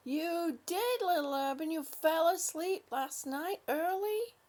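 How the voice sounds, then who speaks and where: A woman hosts a relaxed livestream and reads viewers' comments aloud. Her voice sits high and her pace is unhurried. She talks affectionately and calls people honey and sweetie. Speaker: livestream host. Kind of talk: casual livestream chat reading viewer comments.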